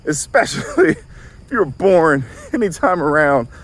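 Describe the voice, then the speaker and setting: A man's voice: a little high, big pitch swings, unhurried, a bit bright. A man in his forties from the Southern US with a Southern accent, a counselor talking in an earnest, conversational way with frequent check-ins. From Southern United States. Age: 40s. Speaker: counselor and vlogger. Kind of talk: reflective monologue. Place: outdoors, walking.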